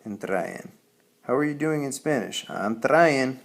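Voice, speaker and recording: A man's voice: medium pitch, lively intonation, unhurried, creaky. A man teaching a Spanish grammar lesson, patient and explaining step by step, often checking in with "okay?".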